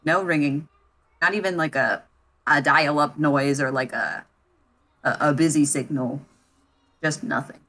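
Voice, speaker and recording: A woman with a fairly low voice narrates a tabletop role-play as game master. She talks in a halting way, often pausing on fillers while she describes the scene. Her delivery stays relaxed and conversational.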